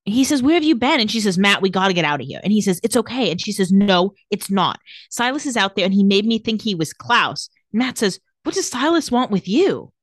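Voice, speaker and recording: A woman's voice: mid-range voice, big pitch swings, quick pace, few pauses, dry recording, clean studio sound. A woman in casual chat, recapping TV scenes and acting out the characters' lines. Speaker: podcast co-host recapping a TV episode.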